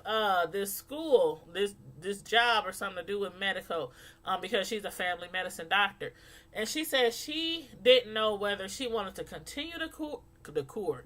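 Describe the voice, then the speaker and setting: A woman speaking African American Vernacular English, chatting casually to camera as a reviewer, animated and laughing often as she acts out voices. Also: medium pitch. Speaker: YouTube reality-show reviewer.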